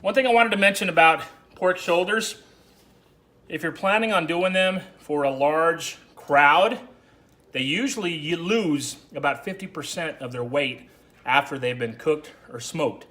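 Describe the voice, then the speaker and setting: A man's voice: a little high, measured pace, bright, forceful tone. A man hosting a casual cooking video, chatting through each step for the viewer. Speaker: cooking show host. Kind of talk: casual how-to cooking narration.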